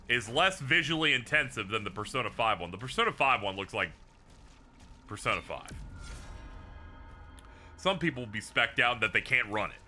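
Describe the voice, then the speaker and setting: Casual gaming stream chat from a man who laughs and curses as he talks with his viewers. His animated voice swings between squeaky highs and low mutters.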